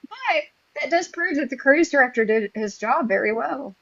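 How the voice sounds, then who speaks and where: Podcast host, middle-aged woman, lively storyteller, slightly high voice, dull dry lo-fi recording. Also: moderate pace, hardly any pauses, dry recording. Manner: animated storyteller, acts out her own past reactions. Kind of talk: casual chat.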